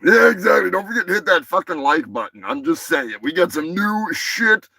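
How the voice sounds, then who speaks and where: A man hosting a live stream, rambling crude jokes and shouting greetings to chatters. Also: high-pitched, expressive, normal speed, creaky, no echo, poor audio. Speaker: live show host. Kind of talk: crude casual livestream banter. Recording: music playing behind the voice.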